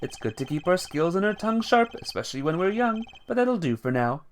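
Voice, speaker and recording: A man's voice: high-pitched, big pitch swings, fairly quick, faint music behind, pitched above the performer's own voice. A man voicing a sentimental old man who sniffles and sobs between lines. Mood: jovial. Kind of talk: reading game dialogue aloud.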